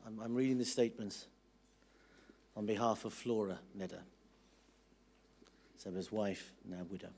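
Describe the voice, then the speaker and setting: A man reading a statement on behalf of a widow at a public inquiry, measured and trailing off at the ends of phrases. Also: lowish voice, a little mellow, slight background noise. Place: public inquiry hearing room.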